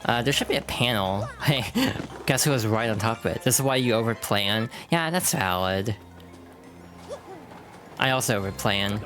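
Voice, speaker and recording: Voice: mid-range voice, expressive, moderate pace, a bit bright. Streamer, casual gameplay commentary, chatty, self-correcting, light music behind.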